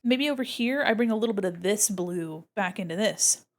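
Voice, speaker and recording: This woman's medium-pitched voice has lively intonation and a moderate pace as she streams herself painting digital art. Chatting casually with viewers, she thinks aloud, rambles in a bubbly way, and often giggles.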